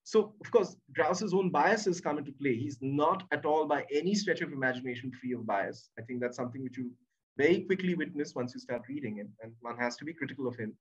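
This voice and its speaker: A man's voice: mid-range voice, fairly quick, breathy edge. A man giving an academic webinar lecture. He reads passages aloud, comments on them, and often ends his points with "right?". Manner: tags statements with a questioning "right?". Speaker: academic presenter. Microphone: computer mic on a video call. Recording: muffled, distant webinar audio.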